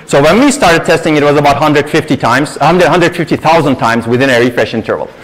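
A man with a slightly high, a bit bright voice gives a university lecture in a lecture hall and takes audience questions, talking briskly. He's emphatic and explanatory, often stressing his points and leaning on "actually," and the recording is low quality.

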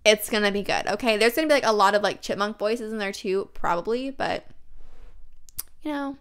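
Young woman gaming and chatting away, stuffy nose from a cold, bright crisp voice. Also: mid-range voice, a little fast. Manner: chatty, excitable, many fillers. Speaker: let's play host. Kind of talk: casual gameplay commentary.

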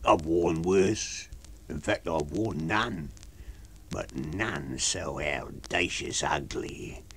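A gravelly grumbling old tramp. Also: male voice, rumbling low, fairly bright tone, a little hiss or hum, voice pushed down, full character voice. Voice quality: gravelly, husky. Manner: slow, sulky complaining. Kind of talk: radio book reading.

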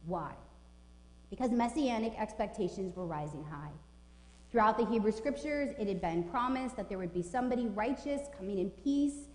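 A woman's voice: medium pitch, animated, normal speed. Emphatic woman preaching in an echoing church. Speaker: pastor. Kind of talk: sermon. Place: church sanctuary. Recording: echoey church with long reverb.

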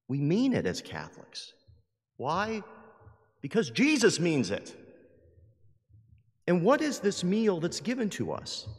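Emphatic preacher man in a reverberant church. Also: a little high. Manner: lively, emphatic, acts out quoted voices. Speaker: priest. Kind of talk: sermon. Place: large church. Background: long hall reverb.

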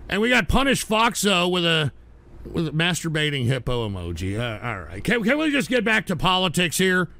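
A high-voiced, gravelly man hosting a livestream, recorded dry and close. He rants at his viewers in exasperation and breaks into shouts. His voice sounds bright and edgy. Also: huge pitch swings, moderate pace. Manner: exasperated, scolding, bursts into shouting. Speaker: livestream talk show host.

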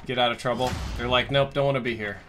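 A man hosting a gaming channel, chatting casually over a headset mic while he plays a shooter and calmly directs his group. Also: mid-range voice, quick pace, faint music behind.

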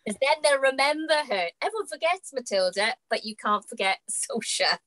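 An English woman guest telling an animated anecdote in a casual chat. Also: on the high side, a little fast, no room sound, poor audio. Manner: animated, tells anecdotes with quoted dialogue. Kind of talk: casual storytelling.

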